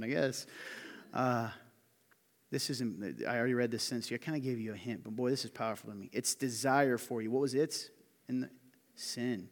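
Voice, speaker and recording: A man with a Southern US accent preaching a sermon as pastor, animated and joking, swinging between loud emphasis and hushed asides. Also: mid-range voice, brisk. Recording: reverberant hall.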